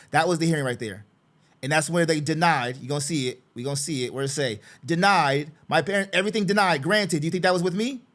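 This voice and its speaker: Brief: man with a high-pitched voice, a frustrated father talking through his own case, repetitive and sarcastic. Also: a bit bright. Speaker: father representing himself in a custody case. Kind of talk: casual screen-share walkthrough.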